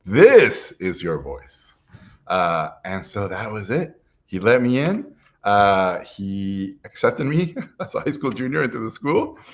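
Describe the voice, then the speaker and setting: A middle-aged man telling a personal story in a lively way, acting out what people said to him, with frequent "uh"s. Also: lowish voice, a little slow, dull audio. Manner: lively anecdotal, acts out quotes, frequent "uh". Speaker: animation guest speaker.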